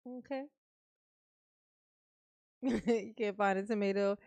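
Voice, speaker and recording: A woman's voice: mid-range voice, a little slow, a little mellow, no room sound. A woman hosting a casual livestream, teasing and laughing often, fondly calling herself Mama to her viewers. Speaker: livestream host. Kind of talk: casual live-stream commentary.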